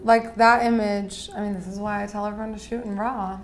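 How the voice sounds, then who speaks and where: A woman guest on a podcast, a photographer, telling stories in an animated way with many "like"s. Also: mid-range voice, a little fast, slight background noise. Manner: animated, heavy use of "like". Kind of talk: casual interview chat.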